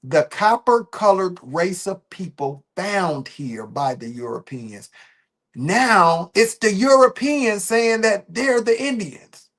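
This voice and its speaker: This is a man hosting a livestream in an unscripted, conversational way. His voice sits somewhat high. He circles back over the same phrases, punches certain words, then lets his sentences fade out quietly. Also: lively intonation, slow pace. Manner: loose and repetitive, restarting phrases, emphatic then trailing off quietly. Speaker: livestream host. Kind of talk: casual livestream talk.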